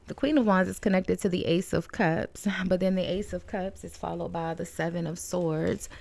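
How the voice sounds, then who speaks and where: A woman with a low, gravelly voice gives a casual tarot reading from home. She talks in a chatty, rambling way, laughing now and then as she works through the cards. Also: steady tone, moderate pace, a little mellow. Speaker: tarot reader. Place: home room with balcony door shut.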